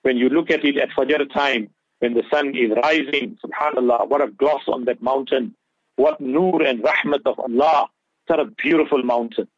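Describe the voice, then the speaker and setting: A man's voice: medium pitch, fairly even intonation, normal speed, no echo. A man giving impassioned Islamic advice on a radio talk show, mixing English with Urdu and Arabic phrases. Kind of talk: earnest religious talk on radio. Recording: dull lo-fi radio audio.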